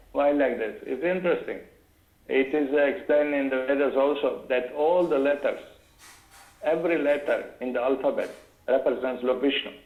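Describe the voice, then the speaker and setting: Man, scripture lecture, mellow voice, careful explanatory delivery, echoey room. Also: mid-range voice. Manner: careful, explanatory, pauses to look up references.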